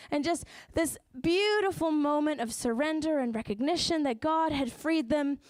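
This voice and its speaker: A woman with a New Zealand accent preaching a sermon in church, telling the story with lively asides and acting out the voices of the people in it. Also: sits high, moderate pace, hardly any pauses, dry recording.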